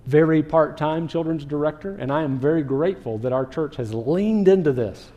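A man who is a pastor preaching a sermon, animated, sometimes acting out what people in the story say. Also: fairly high pitch, normal speed, lo-fi sound. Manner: animated preaching, acts out quoted speech.

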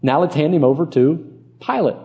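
Male pastor preaching, earnest and emphatic. Mellow tone, slightly high pitch. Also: moderate pace, dull audio. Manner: earnest, emphatic, repeats words for stress. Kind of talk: expository sermon.

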